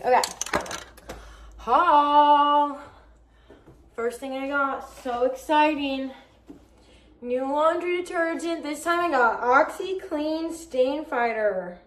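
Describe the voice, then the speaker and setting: A young woman with a slightly high voice talks casually to her viewers, addressing them as y'all. She swears freely and keeps a loose, chatty vlog manner. Steady car and road noise hums behind her. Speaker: vlogger. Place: in a car, then at home.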